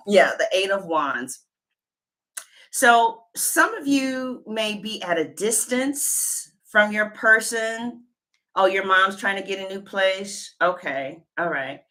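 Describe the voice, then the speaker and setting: A woman's voice: lowish voice, pushed and bright. A woman reading tarot cards on a live stream, chatting with her viewers and thinking aloud as she goes. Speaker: tarot reader.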